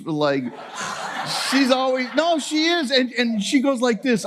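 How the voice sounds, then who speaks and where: Older man, animated, joking, high lively voice, couple's talk to an audience. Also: measured pace, slight background noise. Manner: animated, joking, teasing his wife. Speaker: family camp speaker.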